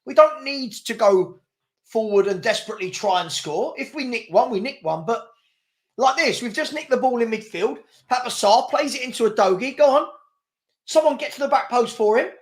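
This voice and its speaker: A fairly high-voiced man talks over a live match as a fan host. He is exasperated and chuckling, calling the play and answering his chat. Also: lively intonation, moderate pace. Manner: exasperated, laughing, reading chat aloud. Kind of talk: live match watchalong commentary.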